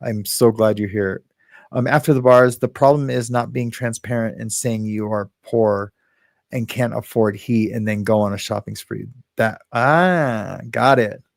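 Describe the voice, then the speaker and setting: Male livestream host, gravelly and dry, loose rambling delivery with chuckles. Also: lowish voice, no echo. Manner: rambling, chuckling, halting restarts. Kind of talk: casual live chat, reading comments aloud.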